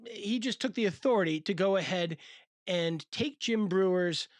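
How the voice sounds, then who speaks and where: A male host talks through a story in a chatty, slangy way. His voice is slightly high and sounds dry and close, with no room around it. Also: normal speed, no room sound. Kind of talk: casual commentary.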